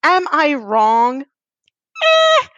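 A woman's voice: sits high, huge pitch swings, drawn-out words, fairly bright tone, no echo, dull audio. Emphatic woman co-hosting a podcast. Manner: emphatic, dramatic, repeats for effect. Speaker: podcast co-host. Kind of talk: casual storytelling chat.

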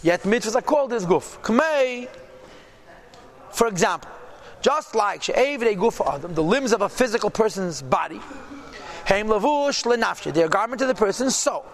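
A man with a high voice teaches a religious text, reading each phrase and translating it. He keeps checking in with "yeah?" and "right?" and answers his own rhetorical questions. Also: expressive, normal speed. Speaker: Torah teacher. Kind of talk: text-based religious class.

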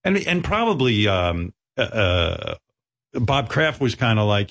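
A man's voice: lowish voice, very animated, moderate pace, fairly bright tone. A middle-aged man hosting a radio show in a studio, telling rambling, profane, self-mocking stories in casual banter.

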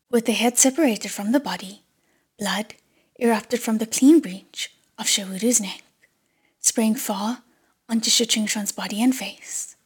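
A woman narrating a novel audiobook in a breathy, half-whispered way. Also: mid-range voice. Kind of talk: scripted narration.

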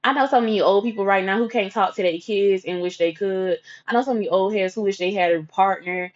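A woman's voice: mid-range voice, fairly quick, highs cut off. A woman telling a candid, profane personal story in a casual monologue.

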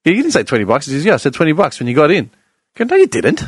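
A man's voice: on the high side, very fast, slightly rough, no room sound. A man telling a story in a casual chat, acting out both sides of the conversation. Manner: animated, acts out both sides of dialogue.

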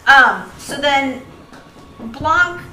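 A woman co-hosting a podcast, chatting and recapping a movie in an animated way, swearing freely. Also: high voice, very slow, roomy sound, slight background noise, low-quality recording. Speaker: podcast co-host. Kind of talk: casual movie recap chat.

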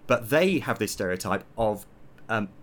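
A man's voice: fairly low pitch, lively intonation, normal speed. A man co-hosting a podcast, explaining ideas eagerly in casual chat. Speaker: podcast co-host.

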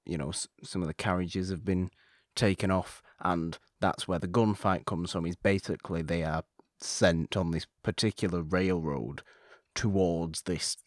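A man's voice: low-pitched, fairly even intonation, measured pace, dry recording, clean studio sound. A man talking casually about a film, rambling and correcting himself as he goes. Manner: rambling, restarts, self-correcting. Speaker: podcast co-host.

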